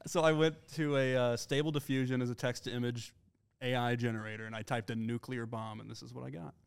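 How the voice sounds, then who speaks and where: A laid-back young man chatting on a comedy podcast, dropping low-key remarks. His voice is gravelly with plenty of fry, at a middling pitch. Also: fairly even intonation, fairly quick. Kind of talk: casual comedic chat.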